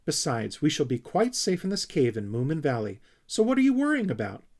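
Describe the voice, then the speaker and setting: A man voicing a vain, bright-eyed young female Snork creature who talks in a breezy, coaxing way. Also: on the high side, sing-song, fairly quick, voice pushed up.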